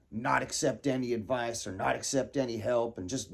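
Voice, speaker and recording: A man telling a casual personal story, animated and laughing, acting out his own panicked thoughts. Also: mid-range voice, normal speed, vocal fry, hardly any pauses, husky.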